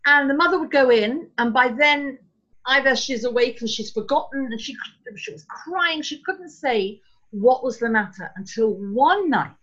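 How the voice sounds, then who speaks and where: Measured woman, lo-fi sound. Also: high-pitched, expressive, a bit bright. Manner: thoughtful, measured, with frequent ums and slowed emphasis. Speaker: parenting workshop speaker. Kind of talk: live online talk. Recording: dull lo-fi sound.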